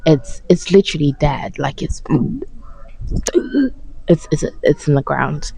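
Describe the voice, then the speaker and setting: A woman's voice: deep voice, steady tone, a little slow, creaky, warm tone, slightly rough, low-quality recording. A tired woman ranting to camera about a reality dating show, blunt, sarcastic and full of swearing. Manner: blunt, sarcastic, profane, mocking. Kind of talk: casual rant to camera.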